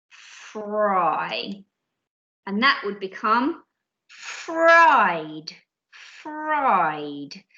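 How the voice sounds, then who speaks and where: A woman teaching a recorded phonics lesson for young children, speaking clearly and encouragingly with frequent praise. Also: on the high side, pushed and bright. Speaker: primary school teacher. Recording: dull lo-fi audio in an echoey room.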